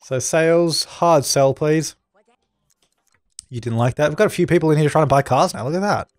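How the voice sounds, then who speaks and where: A man's voice: fairly high pitch, moderate pace, no room sound, studio quality. A young man doing let's play commentary, bossy and exasperated as he scolds the characters on screen. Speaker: gaming channel host.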